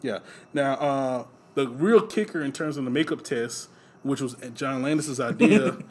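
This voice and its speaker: A man casually telling stories in conversation, relaxed and laughing often, with lots of fillers. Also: medium pitch, unhurried, a little hiss or hum. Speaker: podcast host. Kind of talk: casual chat.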